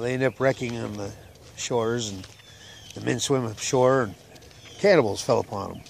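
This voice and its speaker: Gravelly man telling folksy jokes outdoors. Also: medium pitch, slight background noise. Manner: rambling, unhurried, lots of "uh" fillers. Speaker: joke teller. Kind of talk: folksy casual joke-telling.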